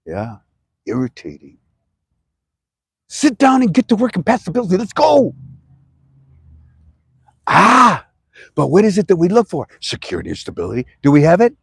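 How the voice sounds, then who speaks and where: A man from Ohio, talking to camera about currency in a rambling, animated way and sometimes shouting for emphasis. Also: sits high, normal speed, gravelly, long pauses, slightly rough, no room sound, clean studio sound. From Toledo, Ohio. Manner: animated, shouts for emphasis, talks to himself in two voices. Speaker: currency commentary vlogger. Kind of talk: casual rambling talk to camera.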